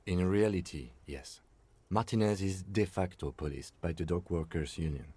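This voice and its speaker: A man voicing a dry, calm police lieutenant. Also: low voice, background noise, natural voice. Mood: measured. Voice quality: measured, matter-of-fact.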